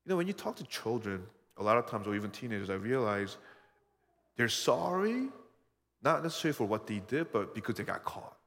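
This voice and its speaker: A man's voice: lowish voice, sing-song, a little fast, fairly bright tone, long reverb tail. A man preaching a sermon, telling personal stories and asking his listeners questions in an earnest way. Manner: earnest, personal storytelling with frequent rhetorical questions. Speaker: pastor.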